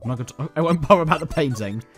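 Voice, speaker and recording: A man's voice: a little high, animated, rapid-fire, a bit bright, faint music behind. A man casually commenting on a game playthrough, reading its text aloud and making fun of himself as he goes. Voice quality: casual, rambling, self-mocking. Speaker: gaming YouTuber.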